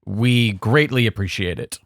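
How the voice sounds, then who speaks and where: A man's voice: on the low side, a little slow, no echo. A man who produces a podcast, reading closing announcements with dry humor. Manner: dry, teasing, then scripted announcer read.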